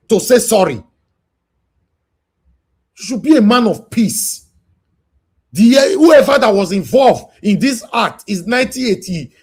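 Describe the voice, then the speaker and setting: A man with a Nigerian accent hosting a live stream, moderating a heated call and preaching peace, scolding and at times shouting. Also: very high voice, breathy edge.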